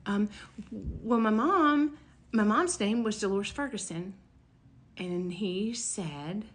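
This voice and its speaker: A woman telling a personal story in a casual, animated way, leaping up in pitch when excited and dropping to a hush for tense moments. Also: a little slow, a little hiss or hum. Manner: animated, jumps high and loud when quoting her own excitement; drops to a hush or whisper for dramatic moments.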